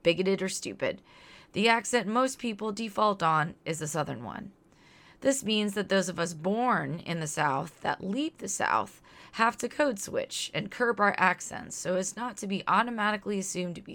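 A woman's voice: fairly low pitch, animated, moderate pace, fairly bright tone. A woman in her thirties from Louisiana, reading a scripted podcast segment in an earnest, outspoken and reflective way. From Louisiana, near New Orleans. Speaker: podcast host.

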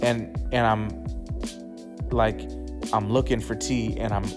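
A man telling a personal story in a loose, casual way, swearing often and filling pauses with "like" and restarts. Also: fairly low pitch, flat delivery. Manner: loose and profane, with frequent "like" fillers and restarts. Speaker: storyteller recounting his own experience. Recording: clear music playing under the voice. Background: music.

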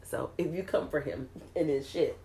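A woman's voice: sits low, moderate pace, gravelly, echoey room, a little hiss or hum, low-quality recording. A woman from Texas co-hosting a podcast, telling stories with laughs and putting on her dad's voice. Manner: laughing storyteller, lively impressions of her dad. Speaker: podcast co-host. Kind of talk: casual chat.

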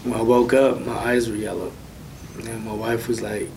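A man casually recounting a personal story of faith as an interview guest, soft-spoken with light nervous laughs. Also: flat delivery, normal speed. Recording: distant mic with faint low rumble.

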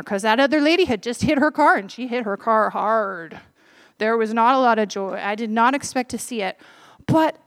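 A woman's voice: fairly high pitch, a bit bright. A woman preaching, telling a personal story in an earnest, conversational way and speaking directly to a congregation of grown-ups and children.

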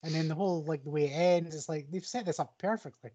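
A man's voice: fairly high pitch, fast, mellow, dry recording, muffled recording. A man co-hosting a casual podcast, enthusing about shows he watched and quoting his own reactions. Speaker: podcast co-host. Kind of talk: casual film chat.

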